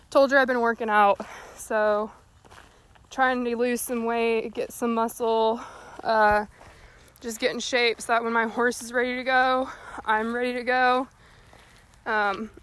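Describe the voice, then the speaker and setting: A woman's voice: fairly high pitch, fairly bright tone. Breathless young woman with a folksy drawl. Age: young adult. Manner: rambling, folksy, earnest. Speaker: podcast host. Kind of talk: casual solo talk. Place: walking outdoors.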